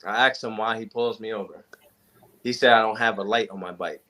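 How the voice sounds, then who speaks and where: A man's voice: lowish voice, a little fast. A young man telling stories casually to a group, acting out the quoted exchanges. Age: young adult. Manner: animated storyteller, acts out quoted exchanges. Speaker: panel guest. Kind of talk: casual storytelling in a group chat.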